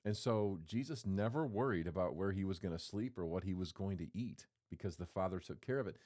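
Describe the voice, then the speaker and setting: A man's voice: sits low, lively intonation, brisk, a little mellow. A man preaching a sermon in a conversational, playful way, acting out quotes as he goes. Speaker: pastor.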